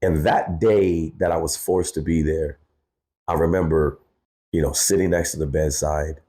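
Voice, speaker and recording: Podcast guest, man in his 30s, very low voice, raw and candid storytelling. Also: fairly even intonation, normal speed, dark tone. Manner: candid, cursing freely, says "bro" often. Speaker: guest, hip-hop artist. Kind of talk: emotional personal storytelling.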